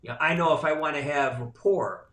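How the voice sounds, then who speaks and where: A man's voice: fairly high pitch, fairly quick, bright, forceful tone. A middle-aged man talking as a podcast guest, a blunt and profane storyteller. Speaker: guest voice actor. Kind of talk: casual podcast conversation. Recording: roomy echo.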